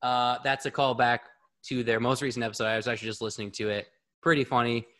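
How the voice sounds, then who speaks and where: A man hosts a live podcast in an easygoing chat, running on excitedly from one thought to the next. He swears without a second thought and sounds worked up. His voice sits at an ordinary middle pitch. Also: quick pace. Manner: excitable and rambling, swears freely. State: a bit out of breath. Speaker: podcast host.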